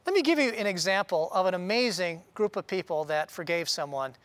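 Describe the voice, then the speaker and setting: A man preaching a sermon in an earnest, conversational way, often pausing with "uh". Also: sits high, expressive, a bit bright, no room sound. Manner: earnest, conversational, with frequent "uh" pauses. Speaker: pastor.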